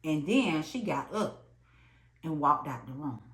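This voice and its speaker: A woman in her late thirties telling an emphatic, animated story about her job in a vlog. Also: sits low, measured pace. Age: late 30s. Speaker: vlogger. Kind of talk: storytime monologue. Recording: echoey room.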